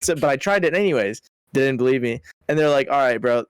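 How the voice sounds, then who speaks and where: Young dude on a podcast, crisp smooth voice, no room sound, cussing and saying bro a lot. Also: male voice, medium pitch, fast talker, dry recording, studio quality. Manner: animated, profane, lots of "bro" and "like". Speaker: podcast co-host. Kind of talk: casual storytelling chat.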